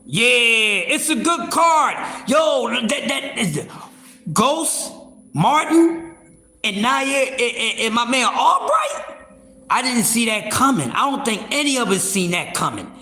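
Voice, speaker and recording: A man hosting a casual boxing livestream, talking loudly with lots of profanity and restarts. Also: very high-pitched, slow pace, roomy sound. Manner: loud, profane, animated, with repeated fillers and restarts.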